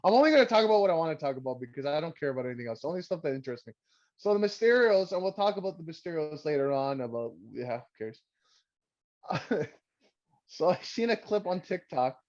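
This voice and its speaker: A man's voice: fairly high pitch, lively intonation, quick pace, darkish tone. Sarcastic podcast host man, lo-fi. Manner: rambling, sarcastic, swears freely. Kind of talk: casual wrestling recap chat. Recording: dull lo-fi sound.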